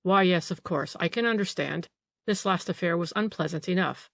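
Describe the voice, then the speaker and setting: A woman reading an audiobook, voicing a small, gentle old male detective who questions politely. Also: fairly low pitch, normal speed, creaky, dry recording.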